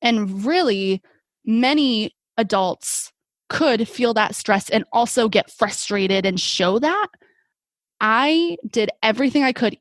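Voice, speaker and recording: A woman's voice: medium pitch, no room sound. A young adult woman, an occupational therapist, telling stories in an earnest, reflective way with many fillers. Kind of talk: conversational podcast interview.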